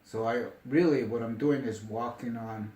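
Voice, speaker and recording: A man's voice: medium pitch, normal speed. Guy telling a long story, emphatic, keeps asking if you follow, room's got echo. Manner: animated, emphatic, asks "you get me?". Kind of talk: casual storytelling chat.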